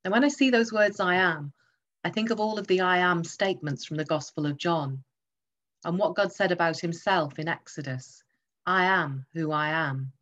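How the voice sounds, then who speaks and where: A woman's voice: low-pitched, lo-fi sound. A woman preaching a sermon, emphatic and teaching through rhetorical questions.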